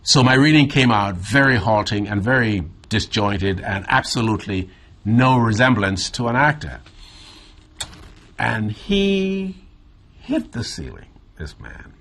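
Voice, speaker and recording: A man from the Bahamas with a Caribbean accent, telling a reflective story in an interview in a measured, thoughtful way with drawn-out pauses. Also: on the low side, big pitch swings, a bit bright. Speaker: interview guest.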